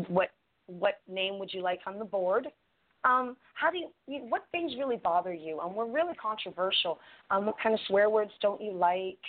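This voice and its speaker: A woman co-hosting a podcast, talking in a blunt, profane, rambling way. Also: mid-range voice. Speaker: podcast co-host. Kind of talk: casual podcast chat. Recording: tinny phone-line call-in audio.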